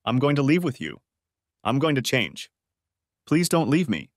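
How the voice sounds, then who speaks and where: A man's voice: medium pitch, sing-song, moderate pace, dry recording, clean studio sound. A man voicing a desperate young wife who begs her husband not to leave. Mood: pleading. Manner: begging, tearful.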